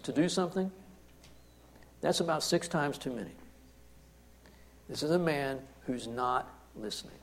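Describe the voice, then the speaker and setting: A man preaching a sermon, commenting on scripture in an emphatic way that swings from hushed to forceful. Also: fairly high pitch. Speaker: pastor.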